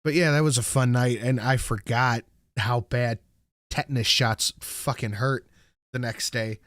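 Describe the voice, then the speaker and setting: A man's voice: medium pitch, fairly even intonation, a little slow, a bit bright, dry recording, clean studio sound. A man streaming live, telling a rambling story with plenty of swearing and stopping to read out chat messages. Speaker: livestreamer. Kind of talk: casual chat.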